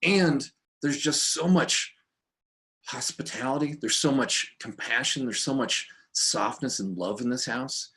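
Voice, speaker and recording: A middle-aged man, a recovery meditation teacher tired from poor sleep, gives an informal dharma talk indoors at a friend's home, filmed by a camera in front of him. His mid-range voice is unhurried and sharp in tone, and his talk is meandering and heartfelt with frequent restarts.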